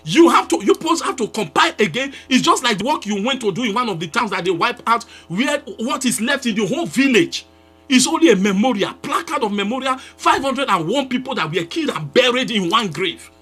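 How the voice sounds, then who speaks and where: A man who is a Nigerian pastor, giving a fiery, accusatory live address with a Nigerian English accent. He repeats his demands and often breaks into shouting. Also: very high-pitched, animated, fairly quick, husky, faint music behind.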